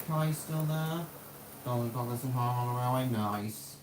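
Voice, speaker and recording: A man's voice: medium pitch, normal speed. A man chatting casually on a live stream while running a model railway, rambling to himself and answering viewers. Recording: roomy echo with faint background hum.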